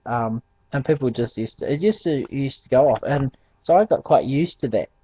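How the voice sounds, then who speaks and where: A man's voice: mid-range voice, moderate pace, husky. Rambling man with lo-fi sound. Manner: rambling, hesitant, many ums and restarts, chuckles often. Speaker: Christian testimony speaker. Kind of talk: casual spoken testimony. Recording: dull dry lo-fi recording.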